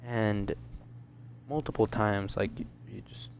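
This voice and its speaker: A nineteen-year-old man from the Washington DC area tells a story in a loose, rambling way, peppered with swearing and filler words. His voice sits fairly low with a gravelly fry. A faint hiss of noise runs underneath. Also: fairly even intonation, measured pace, darkish tone, muffled recording. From Washington DC metro area, US. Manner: rambling, profane, filler-heavy. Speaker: gaming vlogger. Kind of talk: casual storytime.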